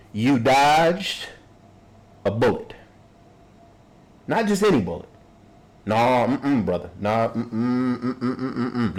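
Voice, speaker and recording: A man's voice: mid-range voice, low-quality recording. A man hosting a podcast, reacting to a court video in casual commentary, mocking and acting out people. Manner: animated, mocking, acts out people in quotes.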